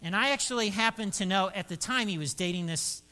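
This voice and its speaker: Bright, high-voiced preaching man. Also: fairly quick, clean tone. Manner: animated storyteller who acts out both sides of conversations; repeats words and restarts phrases while thinking aloud. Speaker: pastor. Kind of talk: sermon storytelling.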